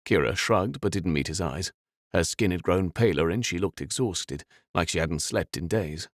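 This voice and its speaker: Deep-voiced male audiobook narrator, dry studio. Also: normal speed, no echo. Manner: expressive, dramatic reading. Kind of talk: scripted fantasy narration.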